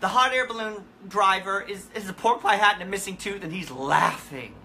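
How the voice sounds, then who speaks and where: A woman hosting a live comic question-and-answer session in character, telling absurd stories in a deadpan, rambling way with halting restarts. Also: mid-range voice, a little hiss or hum. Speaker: comedic musician persona hosting a live Q&A. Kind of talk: rambling comic livestream chat.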